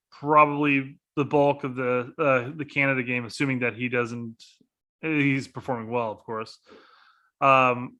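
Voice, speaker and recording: Bright-voiced rambling soccer podcast host. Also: male voice, medium pitch. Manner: rambling, restarts, thinks aloud. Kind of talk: casual soccer podcast chat.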